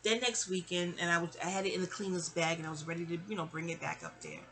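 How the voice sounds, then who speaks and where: A woman's voice: lowish voice, fast. Chatty New woman telling stories. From New York City. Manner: chatty, animated, digressive. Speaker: storyteller. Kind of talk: casual storytime venting.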